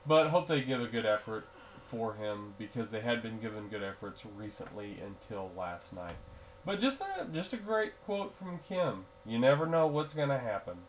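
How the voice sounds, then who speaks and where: A man's voice: fairly low pitch, lively intonation, normal speed, slight background noise, rough recording. A man hosting a solo sports podcast, talking casually in a groggy early-morning voice, rambling with fillers and restarts. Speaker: podcast host.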